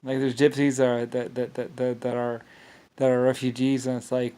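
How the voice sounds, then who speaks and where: A man rants on camera in a long, rambling monologue. His delivery is agitated and profane, and he keeps tripping over repeated restarts. His voice sits at an ordinary middle pitch for a man. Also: monotone, normal speed, dark tone, clean tone.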